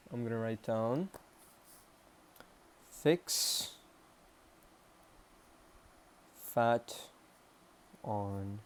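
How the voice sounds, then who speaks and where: A man's voice: medium pitch, dark tone, a little hiss or hum. A young man with a Canadian accent talking casually to the camera in a rambling, self-mocking way, stopping and restarting often. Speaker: vlogger. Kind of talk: casual self-improvement vlog.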